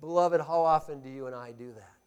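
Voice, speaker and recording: A man preaching a sermon as pastor, emphatic, asking the congregation rhetorical questions and swinging between loud stresses and quiet asides. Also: a little high, a little fast, clean tone, muffled recording.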